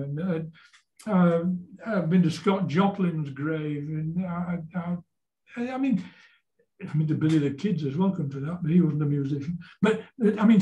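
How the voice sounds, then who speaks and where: A Yorkshire man in his seventies, a guest folk singer-songwriter, tells rambling anecdotes in a casual interview and often repeats words along the way. His voice is slightly high with a warm tone. The recording is muffled and the room echoes.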